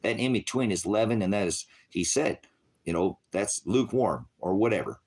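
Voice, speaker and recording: A middle-aged man with a deep, low-pitched voice preaching an unscripted sermon. He scolds and confronts his listeners, swearing as he goes. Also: animated, moderate pace, a little mellow, breathy edge.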